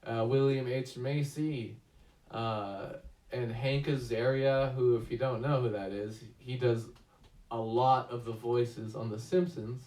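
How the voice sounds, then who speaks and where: A man's voice: mid-range voice, steady tone, slow, darkish tone. A man hosting a casual movie review chat, rambling with many fillers and restarts. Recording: echoey room, distant mic.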